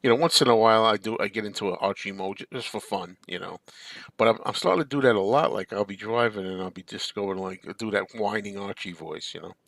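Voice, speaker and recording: A man's voice: fairly low pitch, fast, vocal fry, a bit bright, no echo. A man hosting a casual live-stream chat, rambling and answering viewer comments. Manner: rambling, chatty, reads viewer comments aloud. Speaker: show host.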